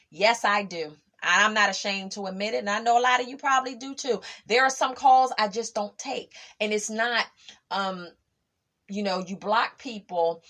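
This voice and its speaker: A woman's voice: medium pitch, a bit bright. A middle-aged woman hosting a faith podcast, talking emphatically and acting out past conversations. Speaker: podcast host. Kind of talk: casual faith podcast monologue.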